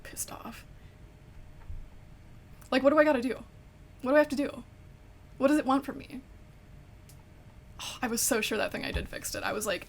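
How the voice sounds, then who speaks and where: A woman's voice: high voice, normal speed, pauses often. A woman streaming a game, chatting casually and swearing in frustration at her crashing computer.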